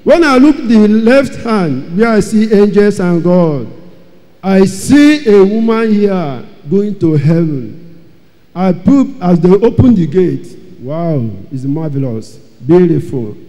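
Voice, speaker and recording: A man giving an emotional church testimony, telling his story dramatically and repeating phrases, his loudness rising and falling. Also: high voice, sing-song, slow pace. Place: large church hall. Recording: long hall reverb.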